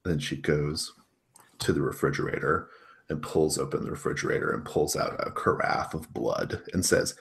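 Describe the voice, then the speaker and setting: A man's voice: rumbling low, moderate pace, vocal fry, a bit bright. A man narrating a tabletop role-playing game as game master, casual and full of fillers. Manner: casual, filler-heavy, laughs a lot.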